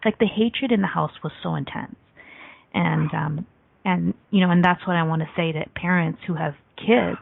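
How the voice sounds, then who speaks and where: A woman's voice: lowish voice, normal speed, gravelly. A woman hosting a radio talk show, telling a personal story in a casual chat with a lot of "like" fillers. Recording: dry, tinny phone-line sound.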